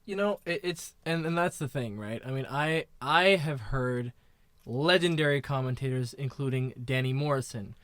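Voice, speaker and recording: A man co-hosting a casual sports podcast, talking in a measured way full of you know and right. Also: mid-range voice, fairly bright tone, dry recording. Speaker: podcast co-host.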